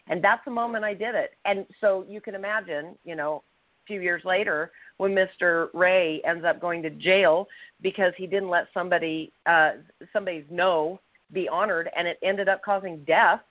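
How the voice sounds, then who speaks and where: A woman co-hosting a podcast, telling a personal story with animated, acted-out quotes. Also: lowish voice, no echo. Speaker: podcast co-host. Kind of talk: casual storytelling. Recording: tinny phone-line sound, dry.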